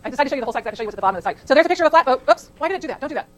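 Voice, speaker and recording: In a lecture hall, a middle-aged woman from California gives a chatty college class lecture, wandering off into anecdotes and asking the students questions. Her voice is high-pitched and animated, she races along, and the recording is rough.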